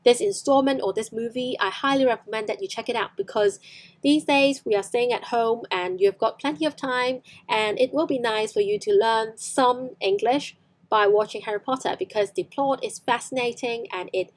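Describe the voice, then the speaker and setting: A young woman whose first language is Cantonese, teaching English on a live stream and repeating lines slowly for practice. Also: a little high.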